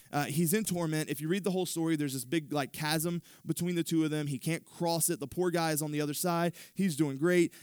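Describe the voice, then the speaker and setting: Male pastor, sermon, lively retelling with restarts; slightly high-pitched, dry recording. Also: smooth, no echo. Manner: animated storytelling with many restarts.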